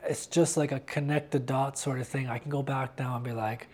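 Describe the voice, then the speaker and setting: Earnest halting man, flat delivery. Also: medium pitch, slight background noise. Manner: earnest, halting, with frequent restarts. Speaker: interviewee sharing a personal faith testimony. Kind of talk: candid documentary interview.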